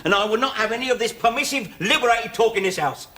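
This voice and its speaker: A man's voice: very high voice, expressive, quick pace, bright, forceful tone, exaggerated voice. An actor playing a sardonic man in his forties, an ex-convict father who banters cheekily. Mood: teasing. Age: 40s. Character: wry 45-year-old male ex-convict dad. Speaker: sitcom character. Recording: noisy TV sitcom audio.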